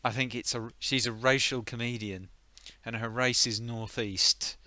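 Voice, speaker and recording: A man's voice: medium pitch, fairly even intonation, measured pace, sharp tone, no room sound. A man streaming retro computer games, chatting casually with sardonic, muttered asides. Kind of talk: casual live-stream commentary.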